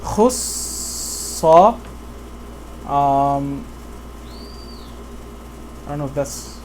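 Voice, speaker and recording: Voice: medium pitch, darkish tone, a little hiss or hum. An American tutor giving a one-on-one tajweed lesson, patiently modelling Arabic sounds and checking understanding with a frequent "okay?". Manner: models Arabic sounds slowly, corrects self mid-sentence.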